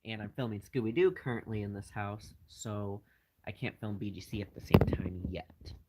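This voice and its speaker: A man's voice: lowish voice, moderate pace, very noisy. A man hosting his channel, casually answering live chat questions in a rambling way with lots of fillers.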